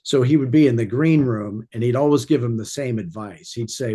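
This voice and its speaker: A man's voice: medium pitch, fairly quick, hardly any pauses, mellow, husky. A man coaching real estate agents in an informal training talk, rambling through anecdotes with wry humor.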